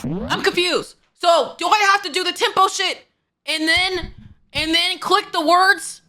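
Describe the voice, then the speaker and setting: High, bright young woman streamer. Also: measured pace. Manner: profane, exasperated outbursts. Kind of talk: gaming live-stream commentary. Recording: mic with game music behind. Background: game music.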